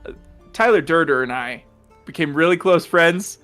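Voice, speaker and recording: A man's voice: on the high side, expressive, moderate pace, a bit bright, faint music behind. A man playing a tabletop role-playing game, talking in a laid-back, jokey way and laughing often. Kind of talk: in-character tabletop roleplay.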